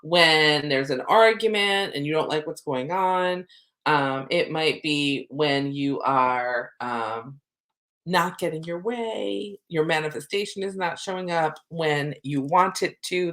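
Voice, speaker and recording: A middle-aged woman, a soul coach, talking casually to camera and acting out her own inner thoughts in lively asides. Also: low-pitched, takes it slowly.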